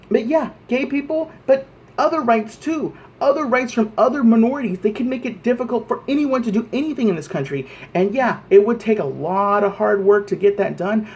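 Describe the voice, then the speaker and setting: A man's voice: high-pitched, darkish tone. An American man angrily ranting to camera in a vlog, heated and profane, often stumbling over repeated words. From United States. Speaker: vlogger. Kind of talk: angry political rant.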